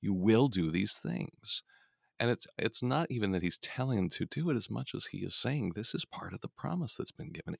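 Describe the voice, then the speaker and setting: A young adult male pastor in casual Bible study talk, animated, often acting out quoted voices with a laugh, recorded on a studio mic. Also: lowish voice, normal speed, vocal fry, no room sound. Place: radio studio.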